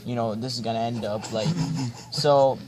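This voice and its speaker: A man's voice: mid-range voice, fairly even intonation, normal speed, noisy background. A young man mock-reading a children's storybook aloud, ad-libbing with laid-back slang and joking asides. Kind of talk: comedic ad-libbed storybook reading. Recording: friends chatting and laughing nearby.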